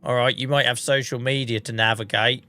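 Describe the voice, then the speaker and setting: Faint music plays behind this forties-aged Englishman from Norfolk as he talks fairly quickly in a steady, bright, forceful mid-range voice. Coughing and a little ill, he chats through a farming game live-stream, swearing and mocking himself.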